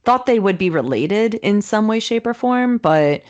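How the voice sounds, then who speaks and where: A woman's voice: medium pitch, lively intonation, measured pace, a little mellow, highs cut off. A woman co-hosting a podcast in casual chat, sharing what she looked up. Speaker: podcast co-host.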